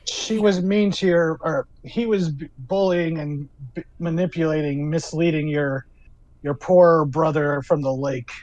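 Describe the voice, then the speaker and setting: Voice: medium pitch, steady tone, a little slow, darkish tone, no echo, lo-fi sound. A player in a tabletop game, playful and joking. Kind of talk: casual tabletop play.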